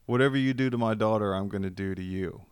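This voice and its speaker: A man co-hosting a casual comedy podcast, telling stories with lots of laughs and loud comic voices. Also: on the low side, quick pace, clear, resonant tone, dry recording, studio quality. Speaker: podcast co-host.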